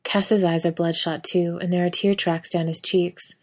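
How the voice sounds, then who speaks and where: A woman reads a story aloud with a slightly low voice. Her narration is soft and even, and she speaks the quoted lines gently rather than fully acting them. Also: moderate pace. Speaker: fan fiction reader. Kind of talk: audiobook-style story reading.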